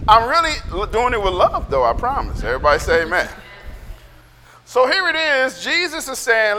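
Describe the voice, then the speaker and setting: High-voiced, fiery male preacher. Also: big pitch swings, moderate pace, big-room sound. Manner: loud, emphatic, sounds like yelling; calls for amens from the congregation. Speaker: pastor. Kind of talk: sermon.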